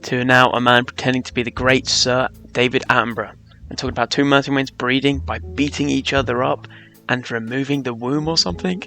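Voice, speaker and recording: A man's voice: medium pitch, fairly even intonation, brisk, gravelly, bright, forceful tone, soft background music. Exasperated man reacting to clips. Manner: exasperated, scornful. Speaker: reaction video host. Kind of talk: reaction commentary.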